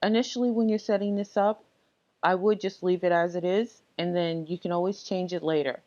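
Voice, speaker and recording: A woman with a somewhat low voice walks through software setup on a casual screen recording. She explains in a relaxed, halting way, with plenty of fillers. The audio is dull and lo-fi. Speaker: tech tutorial presenter.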